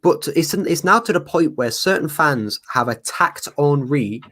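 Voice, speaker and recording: A man's voice: fairly high pitch, expressive, moderate pace, fairly bright tone. A man co-hosting a football chat, ranting passionately. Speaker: co-host, football fan. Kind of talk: casual chat.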